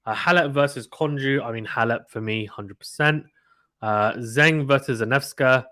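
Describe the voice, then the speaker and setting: A man's voice: mid-range voice, normal speed, bright, forceful tone, no room sound, studio quality. A man hosting a tennis channel, casually going through a draw and making predictions in an offhand, self-deprecating way, thinking aloud.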